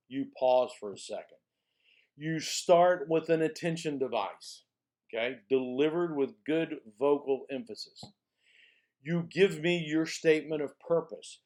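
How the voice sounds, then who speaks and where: This mellow-ish, medium-pitched male instructor is recorded lecturing a college speech class. He goes step by step, says things more than once, tosses in "okay?" to check understanding, and slows on the phrases that matter most.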